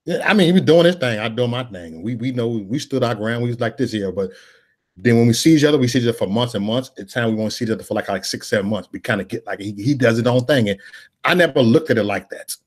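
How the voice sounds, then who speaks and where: A man hosts a casual live chat, spinning blunt, slangy stories about family. He talks quickly in a husky, slightly rough voice. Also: medium pitch, expressive, darkish tone. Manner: blunt, streetwise storytelling with slang. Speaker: host of a live chat stream.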